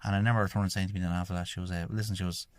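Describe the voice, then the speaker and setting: Rapid-fire and level in tone, this low-pitched, slightly mellow male voice comes with no room sound. The speaker, an Irish podcast host and shamanic healer from Ireland, rambles through his own story, peppering his retold conversations with "I says."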